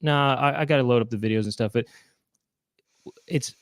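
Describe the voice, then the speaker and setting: A man hosting a live online chat show at a middle pitch, rambling through announcements and correcting himself as he goes. The sound is dry and close. He talks casually. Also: animated, fairly quick, dry recording. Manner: rambling, self-correcting, breaks into silly impressions. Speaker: show host.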